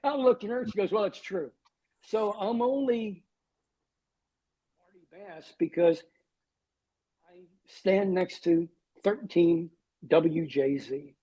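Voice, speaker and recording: A man's voice: sits high, slow pace, pauses often, dark tone, lo-fi sound. A man in his sixties, a guest on a podcast, telling wry, self-deprecating stories. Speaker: guest, TV weatherman. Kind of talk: storytelling in a podcast interview.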